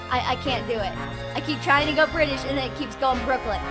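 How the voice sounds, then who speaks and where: A woman's voice: sits high, brisk, loud music behind the voice. A woman playing through a story game, chatting casually and reading every part aloud herself. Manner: lively, reads all parts herself. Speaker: video game let's player.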